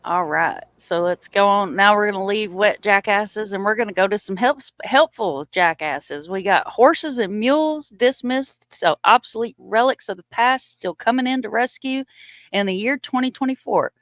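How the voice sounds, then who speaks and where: A woman's voice: mid-range voice, animated, normal speed, fairly bright tone, dry recording. Woman, livestream host, folksy and joking, dry close mic. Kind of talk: casual live chat.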